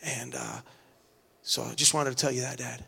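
A man's voice: mid-range voice, fairly even intonation, normal speed, vocal fry, pushed and bright, breathy edge. A middle-aged man preaching a sermon to a church, earnest and emphatic, often restarting phrases. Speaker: pastor.

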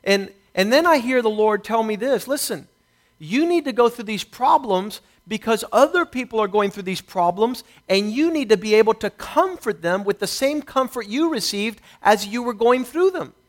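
A middle-aged man with a notably high voice delivers a sermon as a personal testimony. He moves from hushed, reflective stretches to louder, emphatic bursts as he tells his story. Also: expressive, normal speed. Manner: storytelling testimony, rising and falling intensity. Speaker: preacher.

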